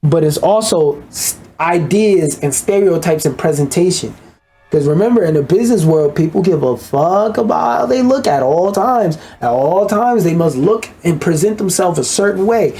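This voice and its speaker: A man's voice: high-pitched, expressive, normal speed, dark tone, soft background music. A man giving a blunt, profane, ranting commentary as he reacts to a video.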